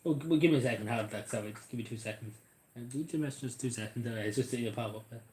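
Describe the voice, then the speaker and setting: A man's voice: medium pitch, very fast, darkish tone. A man talks casually into a desk mic on his livestream. He rambles, making sarcastic, jokey asides as he goes. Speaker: livestream host.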